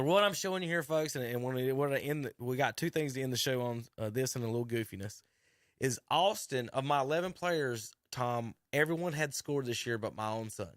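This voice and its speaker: A middle-aged man, hosting sports talk radio and telling a rambling, animated coaching story with many restarts. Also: mid-range voice, no echo, clean studio sound. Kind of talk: casual radio chat narrating a video clip. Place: radio studio.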